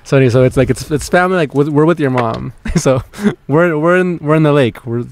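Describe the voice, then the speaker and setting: A young man hosting a podcast, an animated storyteller who often repeats his words. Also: a little high, a little fast, slight background noise. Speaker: podcast host. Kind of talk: casual chat.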